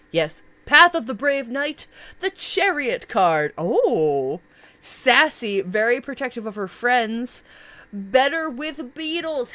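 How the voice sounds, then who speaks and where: A woman's voice: lowish voice, a bit bright. A woman streamer in casual live-stream chat, reacting to viewers' characters in a bubbly, gushing way with many fillers.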